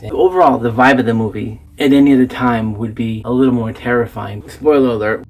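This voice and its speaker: A man's voice: medium pitch, slight background noise. A man talking casually at home, rambling about films he has watched, chatty and self-deprecating. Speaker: vlogger. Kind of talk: casual chat about movies.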